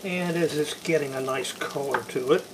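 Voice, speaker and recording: A man's voice: fairly high pitch, normal speed, noisy background. A man narrating his own cooking in a home kitchen, dry and wry. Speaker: home cook.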